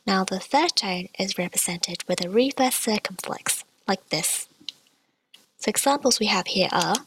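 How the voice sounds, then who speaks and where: A woman teaching a beginner language lesson, modelling the sounds slowly and carefully. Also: medium pitch, expressive, background noise. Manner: clear, careful modelling of tones, slow repetitions.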